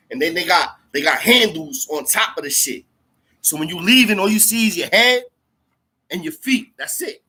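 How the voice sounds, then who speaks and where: A man's voice: high-pitched, expressive, unhurried, pauses often, pushed and bright, slightly rough. A man telling a story in casual, slangy speech full of fillers and profanity. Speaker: storyteller recounting jail time.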